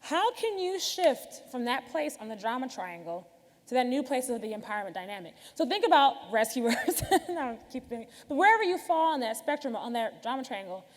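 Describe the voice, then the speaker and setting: A woman giving a conference keynote, talking candidly and chattily straight to the audience. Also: on the high side. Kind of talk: conversational keynote talk. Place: large conference hall. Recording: reverberant hall.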